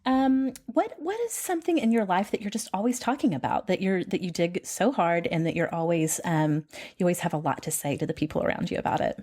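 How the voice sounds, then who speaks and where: A woman's voice: on the low side, fairly quick, a little mellow. A woman in her thirties hosting a podcast interview, chatty and encouraging. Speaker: podcast host.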